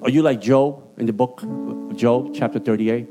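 A man's voice: lively intonation, moderate pace, few pauses. A man with a Puerto Rican accent preaching an emphatic, streetwise sermon with an altar call. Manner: emphatic, streetwise, jumps in pitch for punchlines. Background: guitar music.

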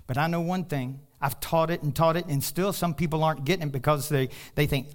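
Fiery preaching man, bursts and hushes. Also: fairly quick. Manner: passionate preaching, swinging from loud bursts to soft, low asides; animated storytelling with laughter. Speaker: pastor. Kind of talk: sermon.

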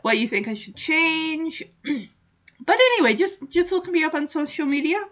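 A woman's voice: high-pitched, lively intonation, normal speed, fairly bright tone, lo-fi sound. A woman hosting a podcast, chatting casually through a recap with many "you know" fillers. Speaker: podcast host.

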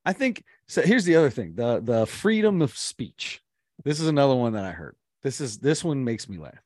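A man's voice: mid-range voice, normal speed, slight background noise. Joking man co-hosting a sports podcast. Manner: joking, animated storytelling with acted-out quotes. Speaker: podcast co-host. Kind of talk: casual sports chat.

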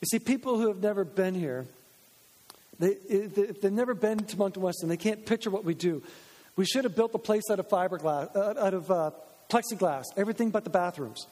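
A man's voice: sits high, a little fast, a little mellow. Guy pastor giving a sermon, chatty, does little voices for quotes, big echoey church. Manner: conversational, acts out quoted voices. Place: church sanctuary. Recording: long church reverb.

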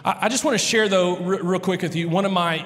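A man's voice: sits high, steady tone, quick pace, a bit bright. A man in his thirties, a pastor, telling family stories in a chatty, rambling way with many restarts. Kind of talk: casual storytelling sermon. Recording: long reverb of a large hall.

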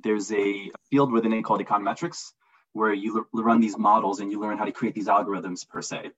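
A man's voice: fairly low pitch, fairly even intonation, brisk, husky, highs cut off. A man answering interview questions in casual, enthusiastic talk, often repeating words as he gets going. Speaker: interview guest, marketing analyst.

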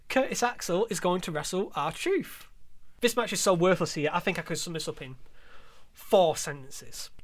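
A man co-hosting a podcast in casual chat, animated and sarcastic, laughing often. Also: high voice. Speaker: podcast co-host.

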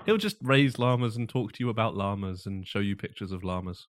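A man's voice: fairly low pitch, a little fast. A man co-hosting a casual podcast chat with a dry, wry, matter-of-fact manner, talking from a small room at home. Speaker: podcast co-host.

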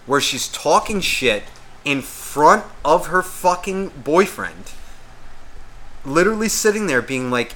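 Man, podcast co-host, bright forceful voice, casual rant, swears constantly, mimics other people. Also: mid-range voice, lively intonation, measured pace. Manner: heavy swearing, rambling and exasperated; acts out the voices of people in his stories.

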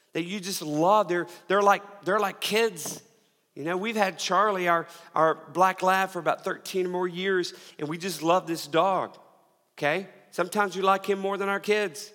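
A man's voice: high-pitched, fairly bright tone. A middle-aged man preaching a sermon as pastor, telling a story with frequent restarts and repeated words. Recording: long reverb of a large hall.

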